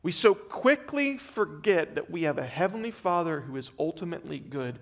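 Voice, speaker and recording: A male preacher with a high-pitched voice delivering an earnest sermon. He pushes some lines out with emphasis, then drops to a near murmur on others. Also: very animated, normal speed. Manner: earnest, swings from emphatic to very quiet.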